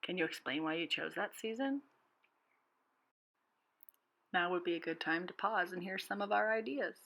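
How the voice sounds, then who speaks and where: A preschool teacher reading a storybook aloud to children and clearly explaining new words. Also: female voice, fairly low pitch, fairly quick, fairly bright tone. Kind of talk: storybook read-aloud lesson.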